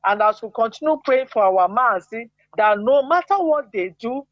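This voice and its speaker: A woman's voice: fairly high pitch, animated, normal speed, no room sound. Nigerian woman caller on a dull phone line. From Igbo land, Nigeria. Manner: passionate, repetitive, talks in long run-on stories. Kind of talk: call-in radio commentary. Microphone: WhatsApp call. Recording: dull lo-fi WhatsApp call.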